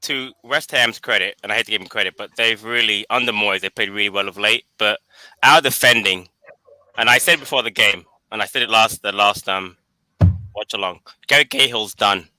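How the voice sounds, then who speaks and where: Very sharp-voiced blunt man. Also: on the low side, brisk, no room sound, low-quality recording. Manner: laughing, blunt, resigned. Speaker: guest caller. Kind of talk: casual watch-along chat.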